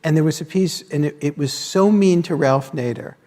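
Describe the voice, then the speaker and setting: A man's voice: a little high, moderate pace, warm tone. Man asking questions in a big echoing hall. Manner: probing questions, hesitant, dry jokes. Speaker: interviewer, magazine editor. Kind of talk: live stage conversation.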